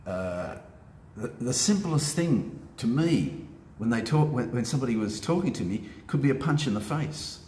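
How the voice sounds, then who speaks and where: A man giving a motivational self-help talk, laying out steps with emphatic, animated delivery. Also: mid-range voice, moderate pace. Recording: echoey room with faint ambience.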